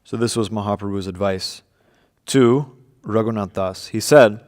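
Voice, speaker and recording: Casting note: man, lowish voice, relaxed class teacher, loose and chatty with ums and restarts, long reverb. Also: measured pace, few pauses. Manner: casual, many fillers and restarts. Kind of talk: informal scripture class. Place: room with devotees present.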